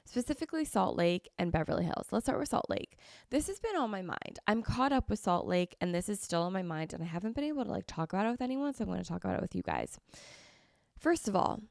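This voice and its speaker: Sniffly with a slight cold, a young woman gushes effusively and repeats herself as she chats casually on her podcast. Her medium-pitched, slightly mellow voice has vocal fry, lively intonation, and a quick pace, captured as clean studio sound without echo.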